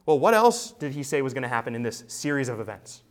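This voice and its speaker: A man's voice: mid-range voice, big pitch swings, fast talker. A man preaching an expository sermon, emphatic and full of rhetorical questions. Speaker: pastor.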